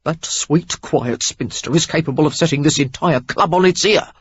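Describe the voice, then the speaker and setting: A man's voice: a little high, normal speed, breathy edge, no room sound. Narrator doing a nervous frazzled club worker guy, terse, dry audio. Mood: urgent. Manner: tense, urgent. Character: anxious, harried male club factotum. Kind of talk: audiobook character voice. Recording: dull lo-fi dry recording.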